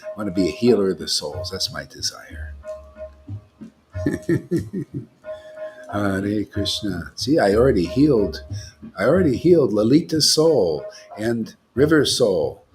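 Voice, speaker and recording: A man's voice: mid-range voice, very animated, unhurried, darkish tone. A man, a monk leading a devotional gathering, giving a rambling informal talk and often checking in with his listeners. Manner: rambling, keeps asking listeners "you know?". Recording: music playing behind the voice.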